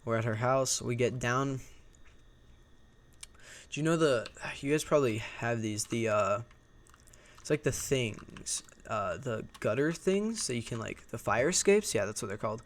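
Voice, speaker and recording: Young guy, casual storytime vlogger, swears a lot and rambles, ordinary mid pitch. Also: expressive, unhurried. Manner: loose, profane and rambling.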